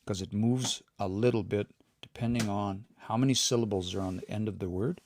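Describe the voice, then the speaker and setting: A man giving a relaxed livestream language lesson, explaining patiently and thinking aloud as he reads out viewer comments. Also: fairly low pitch, brisk. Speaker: language teacher.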